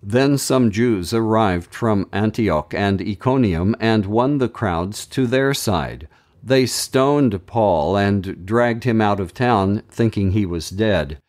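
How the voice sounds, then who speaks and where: Slow, low-voiced man reading scripture. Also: animated, a little mellow. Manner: measured, deliberate reading. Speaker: Bible reading podcast host.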